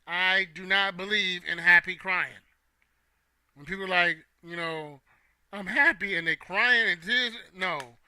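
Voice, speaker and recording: A man's voice: high-pitched, a little slow, bright, forceful tone, smooth, no echo. A young man hosting a casual opinion talk, playful and joking with his chat. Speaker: host.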